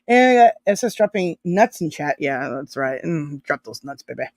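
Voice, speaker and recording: A woman hosting a live stream, reading chat aloud in a loose, rambling way. Her pitch swoops up and down constantly, and she swears freely and giggles often. The sound is dry and close. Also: very animated, normal speed, a little mellow, dry recording.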